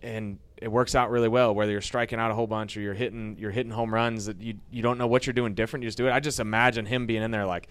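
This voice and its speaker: A former baseball pitcher tells rambling anecdotes in a casual interview, getting livelier as he retells old stories. He speaks at a quick pace with a smooth voice.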